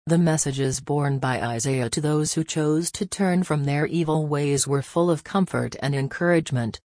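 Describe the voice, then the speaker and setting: A woman reads a devotional passage aloud in a measured, solemn way. Her voice sits very low for a woman. The recording is dry and close, with no room sound. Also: a little mellow, no room sound. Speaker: reader of a devotional text. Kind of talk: scripted devotional narration.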